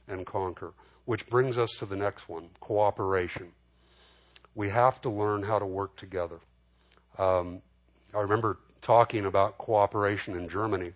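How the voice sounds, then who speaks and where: A man preaching a sermon in a conversational way, often restarting and repeating words. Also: on the low side. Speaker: pastor.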